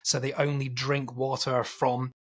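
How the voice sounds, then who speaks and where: Rambling and animated, a man co-hosting a film podcast casually walks through a film's plot and performs its quotes. He speaks in a mid-range voice, a little slowly.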